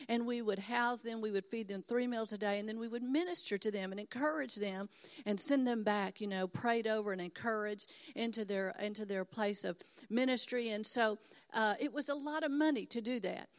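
Woman pastor, sermon, emphatic, encouraging, from Texas, older, fairly high voice. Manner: earnest, encouraging, emphatic preaching.

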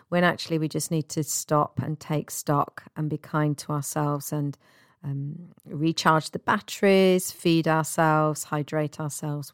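A woman talks through a self-help podcast in an easy, gentle, chatty way and sometimes laughs at herself. Her voice sits low, and the recording is dry and close. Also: clear, resonant tone, no room sound. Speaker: podcast host.

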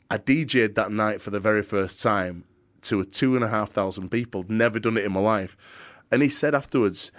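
A man, a DJ guest in an interview, telling a story with frequent restarts. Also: fairly low pitch. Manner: halting restarts, relaxed anecdotal telling.

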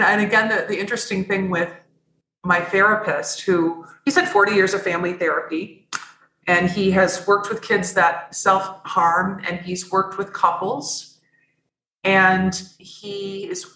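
A woman's voice: mid-range voice, measured pace, sharp tone, reverberant, rough recording. A woman guest on a podcast, telling her own story candidly and earnestly, often restarting her sentences. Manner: earnest, rambling, frequent restarts.

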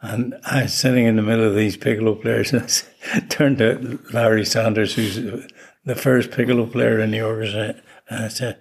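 A man's voice: on the low side, fairly even intonation, brisk, husky. An older man, a flute player interviewed as a guest, telling stories in an easygoing way with chuckles. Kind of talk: relaxed anecdotal chat.

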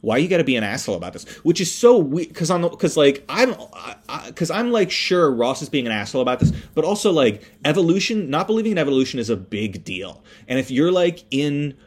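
A man hosting a podcast, recapping a film in a rambling, animated way, with many fillers, restarts and swear words. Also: fairly high pitch, fairly quick, few pauses, husky. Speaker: podcast host. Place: indoors, construction noise nearby.

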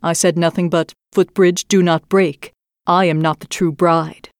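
A gentle, humble young maiden from a fairy tale, as a woman reader voices her, low-pitched and calm in her earnest lines. The sound is close and dry. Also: measured pace, dry recording.

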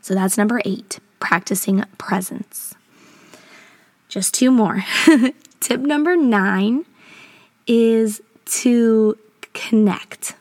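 A woman's voice: on the high side, very slow, pauses often, a little mellow, no room sound. A woman educator hosting a casual advice podcast, talking in an earnest, encouraging way from a small closet at home.

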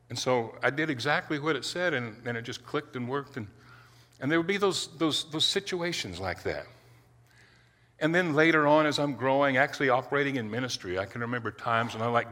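Male preacher, forceful tone, stumbling earnest testimony, reverberant hall. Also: medium pitch. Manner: earnest, halting, with many restarts. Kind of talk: personal testimony sermon.

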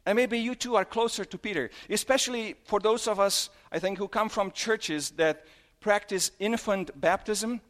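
High-voiced male preacher, questioning. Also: normal speed, fairly bright tone. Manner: questioning, retelling scripture with quoted dialogue. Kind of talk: sermon.

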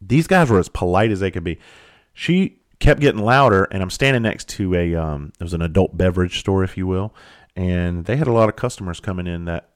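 A man's voice: low-pitched, expressive, a little fast. A man, a comedian, telling a long personal story in a blunt, profane, conversational way. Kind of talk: storytelling monologue.

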